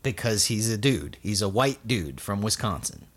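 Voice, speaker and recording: A man's voice: fairly low pitch, expressive, normal speed, breathy edge. A man co-hosting a casual political chat, arguing his points and swearing freely.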